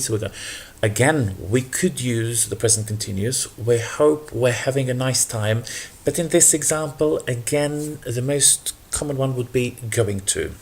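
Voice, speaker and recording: An English teacher explains grammar in an unscripted lesson, speaking at a measured pace and medium pitch. He is patient and full of ums, and he shifts to a livelier voice whenever he gives example sentences.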